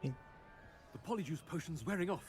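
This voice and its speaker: A man's voice: a little high, lively intonation, moderate pace, a little mellow, husky, faint music behind. An actor playing a young wizard posing as a haughty headmaster in a video game, blustering to cover his slips. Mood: hurried.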